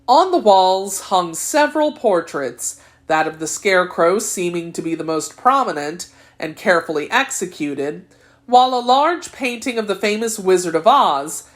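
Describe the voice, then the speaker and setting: A woman narrating a classic children's storybook with clear, expressive reading. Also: mid-range voice. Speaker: audiobook narrator.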